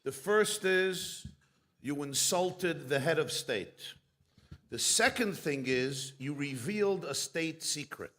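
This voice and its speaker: A man's voice: a little high, lively intonation, slow pace, pushed and bright, exaggerated voice. A man voicing a stern Soviet judge in a joke, giving his verdict in a dry, matter-of-fact way. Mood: deadpan.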